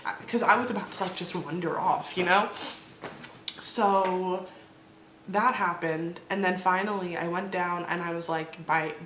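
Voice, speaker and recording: A woman's voice: lowish voice, measured pace. Rambling young woman in an echoey room. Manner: rambling, animated, laughs often, many restarts. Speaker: vlogger. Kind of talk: casual storytelling vlog. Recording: echoey room with faint noise.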